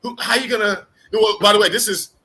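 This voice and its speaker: A middle-aged man hosting a live chat and telling a casual, animated anecdote, with restarts and the odd curse word. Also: high-pitched, brisk, background noise. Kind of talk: casual storytelling.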